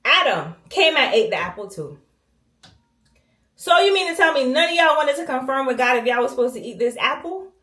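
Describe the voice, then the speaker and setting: A woman's voice: high voice, sing-song, a little fast, a bit bright. Emphatic woman vlogging in an echoey bathroom. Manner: emphatic, talks straight to viewers with frequent "okay?". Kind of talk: casual storytime while cleaning.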